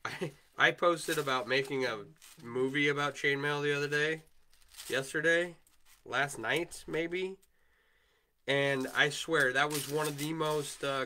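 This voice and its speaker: While working on chainmail during a livestream, a Wisconsin-accented man chats and rambles casually, responding to viewer comments. He has a medium-pitched, sharp voice, with a little hiss or hum in the recording.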